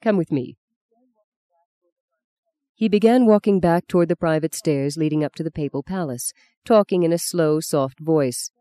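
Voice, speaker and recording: An audiobook narrator reading a literary novel in a measured, even storytelling manner. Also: mid-range voice, dry recording.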